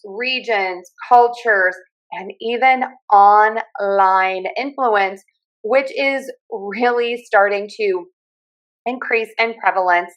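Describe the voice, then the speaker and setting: Female podcast host with a light Pittsburgh accent, measured and clear, teaching as she talks. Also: mid-range voice, a bit bright, rough recording. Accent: Pittsburgh, softened by years in other US regions. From Western Pennsylvania. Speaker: podcast host and communication coach. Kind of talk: solo podcast talk.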